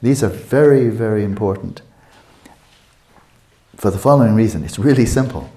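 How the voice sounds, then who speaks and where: A man's voice: lowish voice, moderate pace, dark tone, echoey room. An older man giving a meditation teaching at a retreat, conversational and playful, acting out little quotes.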